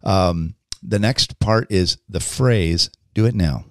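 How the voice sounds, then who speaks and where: Middle-aged man, low gravelly voice, rambling podcast monologue, dry close recording. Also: slow, fairly bright tone, no room sound. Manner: rambling, frequent ums and restarts. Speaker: podcast host. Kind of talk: casual storytelling monologue.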